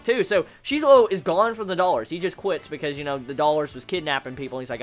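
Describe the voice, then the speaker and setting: A woman casually reviewing an anime episode, excitable and foul-mouthed, her pitch jumping up when she gets worked up. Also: fast, few pauses, faint music behind. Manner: excitable, swears, with big jumps in pitch.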